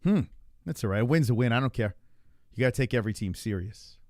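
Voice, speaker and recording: A man's voice: mid-range voice, lively intonation, quick pace, no echo. Ranting male livestream host, dry sound. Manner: ranting, mocking a chatter in a put-on voice; profane and jokey. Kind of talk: casual livestream chat.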